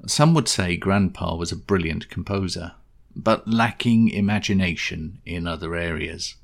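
A man's voice: low voice, a little slow, vocal fry. A man reading his own short story in a dry, wry manner. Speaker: story contributor.

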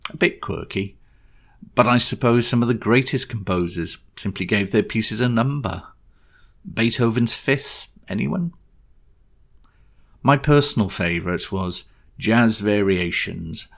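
A man's voice: on the low side, measured pace, creaky, a bit bright. A man reading his own short story in a dry, wry manner. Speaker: story contributor.

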